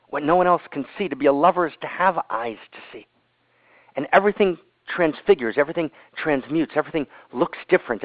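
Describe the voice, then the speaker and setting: A man's voice: fairly high pitch, dry recording. A man leading a group call as a spiritual teacher, telling a story with emphatic repeated phrases and frequent "you know" and "right?". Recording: tinny phone-line audio, dry.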